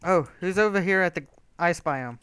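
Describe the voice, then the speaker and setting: A man's voice: sits high, normal speed, fairly bright tone, smooth, dry recording. A young man chatting casually while gaming, mostly mumbly and wry, with sudden laughing outbursts. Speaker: gamer. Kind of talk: casual gameplay chat.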